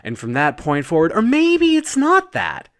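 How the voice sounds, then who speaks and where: A man telling an improvised comic bedtime story, rambling, breaking off and adding deadpan asides. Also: sits high, normal speed.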